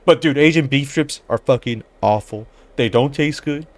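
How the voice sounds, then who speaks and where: A man's voice: mid-range voice, normal speed, dry recording. A man giving casual, rambling commentary while he plays a game, slangy and profane, jumping between stories and reactions. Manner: rambling, profane, slangy, calls listeners brother. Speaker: gamer and commentator.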